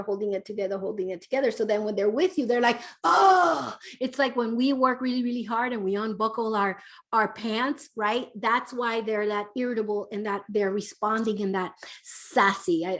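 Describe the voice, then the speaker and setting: A woman, a parenting educator, teaching parents in a lively way, acting out little quotes and checking in with "right?". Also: medium pitch. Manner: animated, acts out quotes, keeps asking "right?".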